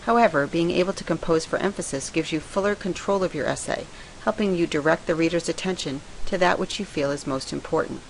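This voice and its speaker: A woman reading a scripted writing lesson in a measured, explanatory way. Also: fairly low pitch, gravelly, slight background noise, poor audio. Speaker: writing teacher. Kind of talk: scripted lecture narration.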